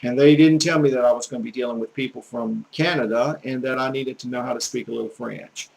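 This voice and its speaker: A man's voice: mid-range voice, quick pace, vocal fry, low-quality recording. An older man with a Southern US accent, telling folksy, earnest stories in a casual rambling monologue as a language teacher. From American South, Gulf Coast. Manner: folksy, earnest, preachy storytelling.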